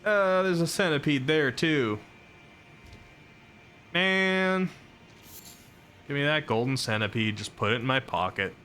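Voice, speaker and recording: A man with a bright, forceful voice talks through his live gameplay stream, reacting to each new thing on screen and replying to viewers' messages. A faint bed of background noise sits under his voice. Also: medium pitch, fairly quick, few pauses. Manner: chatty, reacts aloud and answers chat.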